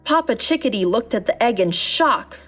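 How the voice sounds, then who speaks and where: A woman narrating a children's storybook in a gentle, measured reading voice. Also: on the high side, animated, faint music behind.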